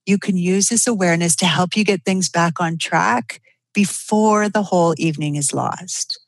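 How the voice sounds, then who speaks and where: A woman's voice: medium pitch, no echo. A woman giving an earnest, conversational explanation, walking through everyday examples step by step. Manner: acts out quoted lines in changed voices. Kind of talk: explanatory solo talk.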